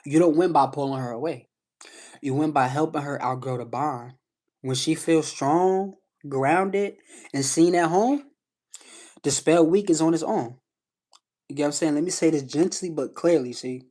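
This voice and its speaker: A man's voice: on the high side, moderate pace, darkish tone. A man coaching callers on a live stream, speaking in firm, repetitive phrases. He keeps checking in with his listener and stresses each point with the same catchphrases. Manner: emphatic, repeats "you know what I'm saying". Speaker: live stream host giving advice. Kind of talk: casual coaching talk to callers.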